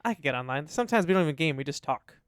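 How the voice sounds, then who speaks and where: Guy on a podcast mic reading comments out loud, talks fast, super dry close sound. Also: on the high side, lively intonation, clean tone, no room sound. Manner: reads listener comments aloud and riffs on them. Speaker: podcast co-host. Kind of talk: casual podcast chat. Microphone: studio dynamic mic.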